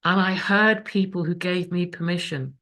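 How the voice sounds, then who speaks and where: A woman's voice: on the low side, moderate pace, fairly bright tone. A woman giving a raw, emotional personal testimony over a video call, swearing freely. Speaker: speaker sharing her recovery story. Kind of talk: personal testimony at a support meeting.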